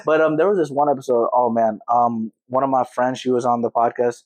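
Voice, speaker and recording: A young man hosting a podcast in a casual chat, animated and laughing often, calling his guest bro. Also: medium pitch, fairly quick, dry recording, rough recording. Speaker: podcast host.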